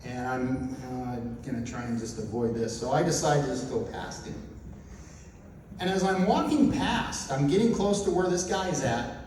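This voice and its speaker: A man's voice: mid-range voice, moderate pace. A man telling a story as a preacher, acting out the voices of the people in it. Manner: animated storyteller acting out dialogue. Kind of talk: storytelling sermon. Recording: echoey hall from far off, noisy.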